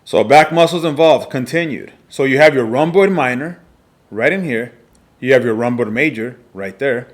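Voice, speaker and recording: Male fitness coach, mid-pitched, teaching from slides, emphatic and repeats key points. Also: normal speed. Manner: repetitive, emphatic, frequent "all right" checks. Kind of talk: slide presentation lesson.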